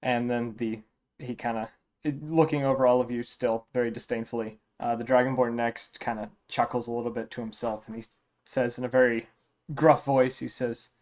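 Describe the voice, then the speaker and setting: A man's voice: medium pitch, flat delivery, normal speed, darkish tone. A man narrating as dungeon master in a tabletop role-playing game, describing characters with frequent fillers.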